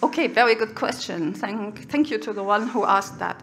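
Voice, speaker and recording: A middle-aged woman giving an expert conference presentation in measured, earnest, slightly nonnative English. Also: medium pitch, animated. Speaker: conference speaker.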